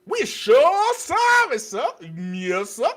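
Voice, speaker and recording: A man putting on a groveling, over-apologetic figure in a slow, servile, mocking parody. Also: extremely high pitch, huge pitch swings, a bit bright, heavily acted.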